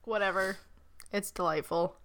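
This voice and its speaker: A woman co-hosts a casual travel podcast, and her voice is bright and crisp. She trades quick, playful teasing with her co-host in loose, easygoing chat. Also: medium pitch, fairly even intonation. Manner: playful, quick teasing banter with frequent laughs.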